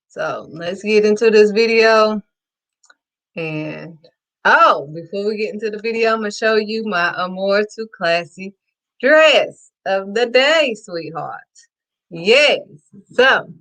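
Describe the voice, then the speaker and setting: A woman hosting her own faith talk show, excitedly preaching to her viewers and calling them sweetheart. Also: medium pitch. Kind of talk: casual preaching to camera.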